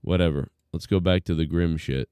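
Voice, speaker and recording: A man with a low, mellow voice talks casually as the host of a live stream. His tone is smooth and dry, and he rambles along loosely, thinking out loud. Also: brisk, no echo. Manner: laid-back, rambling, lots of fillers.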